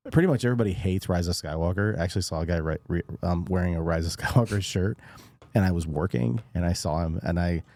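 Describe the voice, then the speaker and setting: A man's voice: low voice, warm tone, dry recording. A man hosting a casual podcast, rambling and restarting his sentences. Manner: rambling, halting, many restarts. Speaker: podcast host. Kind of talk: casual chat.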